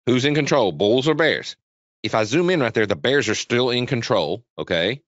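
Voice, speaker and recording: With a mid-range voice, lively intonation, and a moderate pace, this man presents a trading webinar, chatting repetitively through live charts and quizzing his audience. The audio, free of echo, has a dull lo-fi webinar quality.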